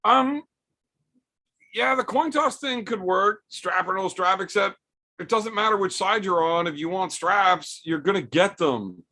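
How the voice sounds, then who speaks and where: Gravelly, blunt, foul-mouthed man ranting. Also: high voice, a little slow, pushed and bright. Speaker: arm wrestler hosting a livestream. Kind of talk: casual livestream chat, answering super chats.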